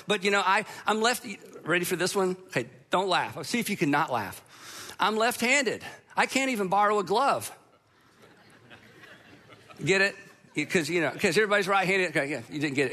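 Bright-voiced man telling a story. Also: sits high, a little fast. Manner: self-deprecating humor, animated storytelling. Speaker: speaker addressing an audience. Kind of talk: storytelling talk to a live audience.

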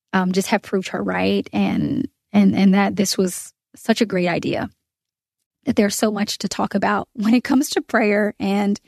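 A woman hosts a prayer podcast in an earnest, heartfelt way, pausing on fillers and restarting her sentences. Her voice sits in a middle pitch range. The sound is dry and close, with no room echo. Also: darkish tone. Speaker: podcast host. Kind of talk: prayer podcast, spoken prayer and reflection.

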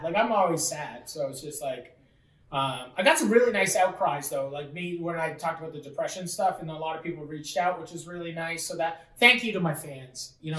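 A woman's voice: sits low, a bit bright, roomy sound, distant mic, low-quality recording. A woman co-hosting a podcast in casual banter, rambling with lots of fillers and teasing her co-host.

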